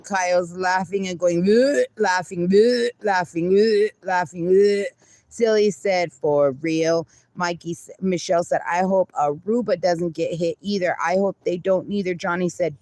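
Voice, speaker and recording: A woman's voice: lowish voice, steady tone, unhurried, darkish tone. A woman hosting a casual livestream, reading viewer comments aloud with frequent laughs and casual swearing. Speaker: livestream host.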